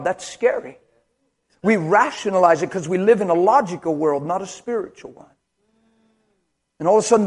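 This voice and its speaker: Man, preacher, high voice, passionate sermon, shouts then drops quiet.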